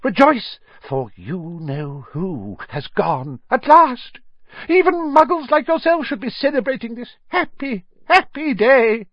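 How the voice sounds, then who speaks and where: Brief: squeaky, effusive tiny old man in a cloak, very high and sing-song, dry lo-fi audiobook take. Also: big pitch swings, takes it slowly, no room sound, exaggerated voice. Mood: jubilant. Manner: joyful, effusive and theatrical. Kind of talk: audiobook reading.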